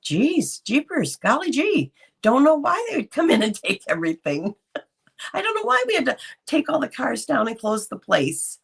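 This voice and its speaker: Woman doing a fake-innocent young guy, high mocking sing-song, husky edge. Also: big pitch swings, normal speed, full character voice. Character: falsely innocent young man feigning ignorance.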